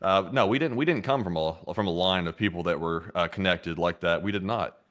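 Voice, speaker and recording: American male co-host, lowish voice, halting and rambling, casual. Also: fairly bright tone. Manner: hesitant, rambling, full of fillers. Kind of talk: casual live Q&A chat.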